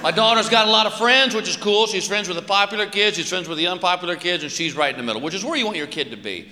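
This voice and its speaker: A man in his forties performing a stand-up comedy routine, animated and exaggerating voices and shouts. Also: high voice, fast. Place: stage in a large hall. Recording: live hall with audience noise.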